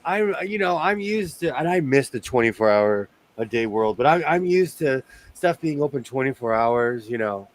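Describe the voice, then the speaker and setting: A man's voice: medium pitch, animated, moderate pace, few pauses. A man from Los Angeles chatting casually as a host, rambling through stories with many restarts. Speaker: sewing show host. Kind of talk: casual chat.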